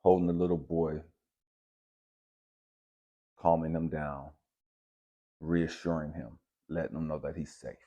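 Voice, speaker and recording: Relaxed male host with a deep, mellow voice, telling a spiritual story like chatting with a friend. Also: a little slow, long pauses. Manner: relaxed, conversational, uses slang like bet and dap. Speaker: channel host.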